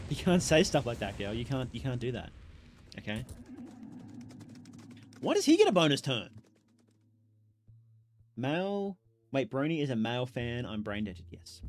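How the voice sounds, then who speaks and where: A man streaming a video game, chatting casually with his chat, reacting loudly with exclamations and laughs. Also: mid-range voice. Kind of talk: casual live game commentary.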